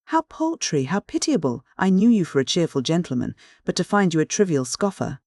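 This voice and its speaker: A man's voice: on the high side, moderate pace, darkish tone, no room sound, clean studio sound, close to an everyday voice. A man voicing a fiery, petulant young lady. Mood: angry. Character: impetuous, proud young lady, easily angered.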